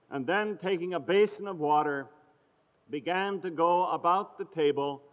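A man preaching a sermon with a high voice, telling a scripture story at a measured pace and quoting old-fashioned scripture phrasing. The sound is dull and lo-fi, with a long hall reverb behind him.

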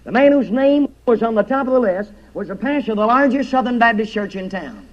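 High-voiced preacher in a dramatic sermon. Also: male voice, lively intonation, brisk. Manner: dramatic, swings from hushed to loud. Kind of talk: revival sermon. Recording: dull lo-fi recording.

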